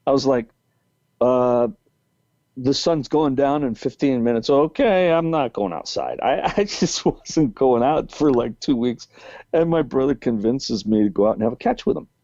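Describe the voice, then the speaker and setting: His voice is mid-range and mellow, with no room sound, though the call audio is muffled and lo-fi. He's a sixty-something New Englander guesting on a storytelling podcast, restarting often as he rambles through a long tale.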